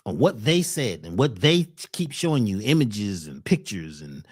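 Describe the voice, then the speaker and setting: Guy preaching on a webcast, voice jumps high and low, loud then hushed. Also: sing-song, moderate pace, slightly rough. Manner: preacherly, swings between loud and hushed, acts out quotes. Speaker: holistic health speaker. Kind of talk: webcast talk.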